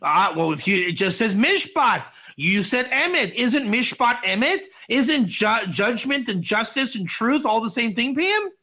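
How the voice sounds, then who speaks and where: Male Torah teacher, high and bright, excitable, asks rhetorical questions. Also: unhurried, few pauses. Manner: excitable, rhetorical, voice jumps up when animated. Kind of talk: animated Torah class.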